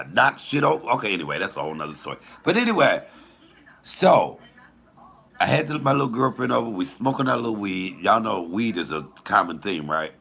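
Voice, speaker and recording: Male comic, rough husky lower voice, big animated swings, tells crude life stories. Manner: loud, animated, profane storytelling. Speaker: comedian. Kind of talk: storytelling while cooking.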